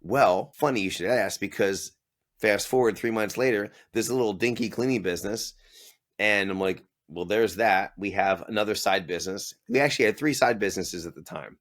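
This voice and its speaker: A man's voice: lowish voice, brisk, fairly bright tone. A man in his forties, a business owner telling his story in a casual interview, acting out the voices of people he quotes and laughing often.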